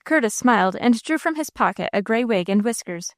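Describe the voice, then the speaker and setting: A woman reading a classic novel aloud as an audiobook narrator, in a steady, clear manner. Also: fairly high pitch, fairly quick, no echo, clean studio sound. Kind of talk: scripted narration.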